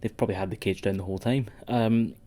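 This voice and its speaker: A man's voice: on the low side, steady tone, fast talker, warm tone. A man co-hosting a wrestling podcast in sweary, rambling casual chat. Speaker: podcast co-host.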